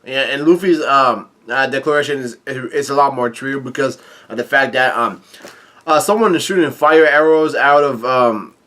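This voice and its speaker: A man casually recapping a comic chapter, halting and full of fillers. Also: mid-range voice, bright, forceful tone. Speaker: manga chapter reader. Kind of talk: casual manga recap reading.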